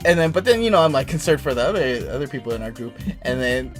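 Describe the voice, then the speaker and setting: A young man hosting a casual chat, telling a story in an animated, swearing way and laughing often. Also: medium pitch, fast. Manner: animated, profane, laughs while telling stories. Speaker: channel host. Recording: background music playing.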